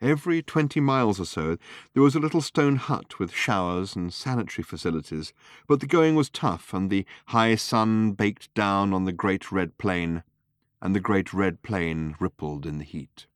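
Deep-voiced man narrating an audiobook. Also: animated, normal speed, no room sound, clean studio sound.

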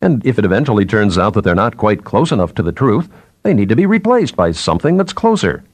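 A man's voice: fairly low pitch, big pitch swings, quick pace, no room sound. A man voicing a blunt, pressing journalist. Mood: persuasive. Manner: pressing, challenging questions. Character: probing male journalist, blunt and persuasive.

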